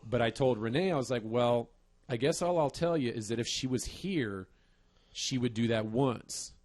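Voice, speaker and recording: Guy in his 30s on a podcast, cussing a lot, laughs at his own stories, middling pitch. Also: normal speed, darkish tone. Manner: profane, laughing storyteller. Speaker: podcast host. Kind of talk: casual chat.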